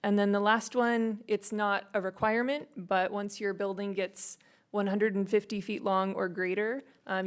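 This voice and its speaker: Woman, smooth clear voice, flat even delivery, methodical presenter. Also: medium pitch. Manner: steady, methodical, explaining with fillers.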